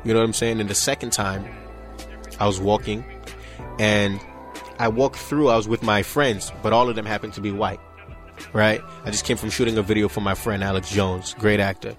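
A man's voice: on the low side, moderate pace, faint music behind. A young man, telling his story casually in an interview and acting out the voices of the people in it. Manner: animated, acts out quoted voices, frequent "you know what I'm saying". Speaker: interview guest.

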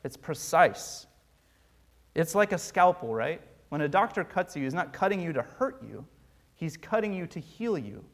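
A man preaching a sermon, his clear in every line. His voice sits a bit higher than most men's. He pleads earnestly and slips in dry humor. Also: big pitch swings, moderate pace. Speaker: pastor.

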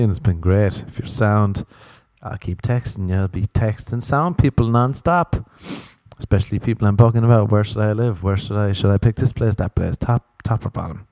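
Swearing Irish man with a dark voice. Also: lowish voice, no echo, studio quality. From Ireland. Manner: rambling, profane, self-mocking. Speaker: podcast host. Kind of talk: casual comedic monologue.

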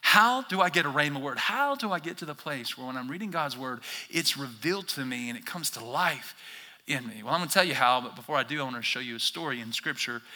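A male pastor preaching an energetic sermon in church, swinging from quiet explanation to shouted bursts as he acts out listeners' reactions. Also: medium pitch, fast.

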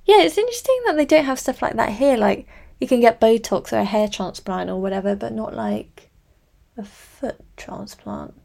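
A woman's voice: fairly high pitch, lively intonation, brisk, creaky, darkish tone. Woman playing a flippant younger sister.

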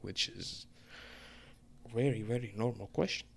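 A young man from Egypt, telling a story in a casual, profane, rambling rant full of fillers and quick bursts. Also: medium pitch, animated, creaky, breathy edge.

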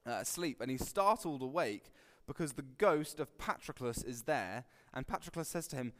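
A man's voice: medium pitch, animated, moderate pace, few pauses. Man preaching in a reverberant hall. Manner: conversational, humorous, acts out quotes with sudden loud bursts. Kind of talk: relaxed sermon teaching.

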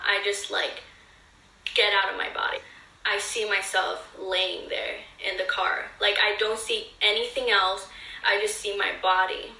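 A woman's voice: mid-range voice, gravelly, sharp tone, distant mic. A young woman earnestly telling a personal story to her viewers in a casual, filler-heavy way. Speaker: vlogger. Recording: echoey room, voice a bit off-mic.

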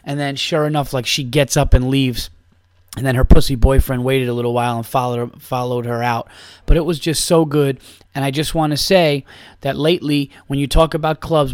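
A man in a casual podcast monologue, rambling and swearing freely as he tells a story, circling back and restarting his sentences. His pitch sits right in the middle for a man. The sound is close and dry, with no room around it. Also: steady tone, moderate pace, no echo. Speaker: podcast host and stand-up comedian.

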